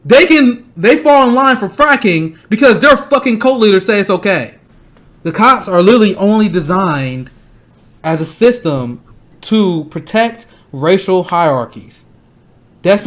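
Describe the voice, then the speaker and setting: A young man hosting a political stream, angry and blunt, ranting fast and swearing often. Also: high-pitched, expressive. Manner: fast, repeating himself to stress points. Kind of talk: heated political commentary.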